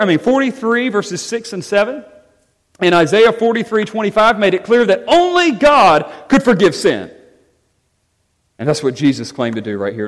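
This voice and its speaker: A man preaching a sermon as pastor, with animated emphasis that rises and falls as he drives his points home. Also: high-pitched. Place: church sanctuary. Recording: long reverb of a church hall.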